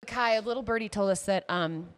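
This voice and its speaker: A woman interviews a guest with giggly enthusiasm. Her voice sits at an ordinary middle pitch. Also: fairly quick. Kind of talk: casual chat.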